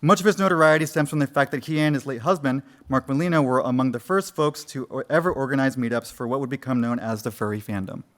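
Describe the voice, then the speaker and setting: A man's voice: medium pitch, quick pace, hardly any pauses. Man reading formal conference thanks. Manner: formal, reads out a list of thanks. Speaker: conference introducer. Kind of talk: formal thanks and speaker introduction. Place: lecture room at a university.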